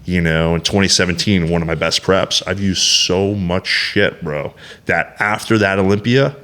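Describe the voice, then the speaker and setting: This podcast guest, a man in his thirties, has a low, slightly bright voice and speaks at normal speed. He's candid and blunt, swearing heavily and rambling with many restarts and fillers.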